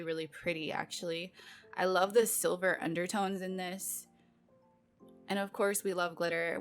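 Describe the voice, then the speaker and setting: A woman's voice: on the low side, fairly bright tone. A woman vlogger casually chatting through a nail product unboxing, talking in a loose, filler-heavy way with playful exasperated asides.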